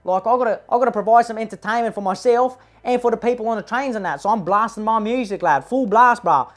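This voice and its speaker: A woman with a slightly high voice talks at a quick pace, close to how she'd normally speak. For a comic parody vlog she plays a cocky, brash young male eshay with an Australian accent, slangy and boastful, ending every line with "bruh" and "lad".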